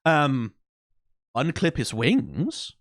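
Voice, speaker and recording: A man reviewing songs in a casual, chatty way. His pitch is somewhat high and swings widely as he laughs and swears freely, and the recording sounds dry and close. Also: very animated, very slow, dry recording. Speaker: song reviewer. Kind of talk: casual commentary.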